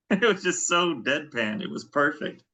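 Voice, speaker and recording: Easygoing man, bright voice. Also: fairly high pitch, animated, unhurried. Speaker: podcast co-host. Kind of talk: casual chat.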